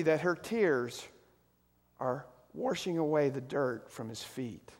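A middle-aged male pastor preaches in a church sanctuary, his voice sitting a little high for a man. He tells his story with sweeping dynamics, pressing hard on key words, then dropping almost to a hush. A long reverb trails every phrase through the hall. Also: expressive, takes it slowly. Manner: storytelling with wide swings from loud emphasis to hushed, soft delivery. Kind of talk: sermon.

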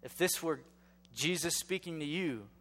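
A man's voice: on the high side, a little slow, fairly bright tone, long reverb tail. A male pastor giving a sermon in a conversational style, asking rhetorical questions and building to emphatic exhortation.

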